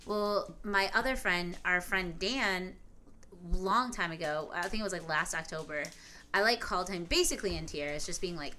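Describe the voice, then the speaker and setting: A woman co-hosting a podcast, speaking frankly and swearing now and then. Her voice is on the low side but crisp and bright. A faint background noise runs under her. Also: normal speed. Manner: candid, swears freely. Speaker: podcast co-host. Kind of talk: casual podcast chat.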